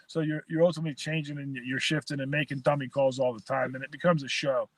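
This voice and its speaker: A man's voice: mid-range voice, little pitch movement, fast talker, dry recording. A man, a former quarterback, chatting casually from his car, laughing through stories, swearing and stumbling over repeated words. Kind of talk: casual sports chat.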